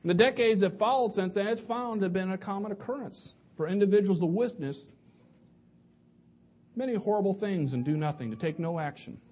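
Man preacher, slightly high voice, casual sermon delivery, stumbles and repeats words, slows for quotes. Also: darkish tone. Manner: conversational, restarts and repeats words. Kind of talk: evening sermon to a congregation.

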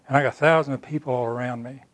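A man's voice: medium pitch, fairly even intonation, quick pace, no room sound. A man giving an earnest, plainspoken sermon as a personal story, acting out the dialogue of the people in it. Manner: plainspoken and folksy. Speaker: church speaker.

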